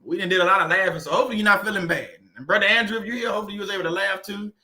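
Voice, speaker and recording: A man's voice: high-pitched, rapid-fire, sharp tone. A man hosting a faith-based livestream, chatting casually with viewers and laughing and joking often.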